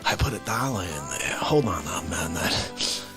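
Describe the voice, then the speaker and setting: A man hosting a live comedy stream, ranting in an animated way and swinging between shouts and whispers. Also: deep voice, measured pace, over music. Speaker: livestream comedy host. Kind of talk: unscripted comedic rant.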